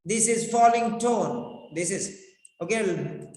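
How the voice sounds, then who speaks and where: A man teaching English pronunciation in a classroom lecture, deliberately repeating words over and over so listeners can drill them. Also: sits high, darkish tone. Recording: echoey room with long reverb.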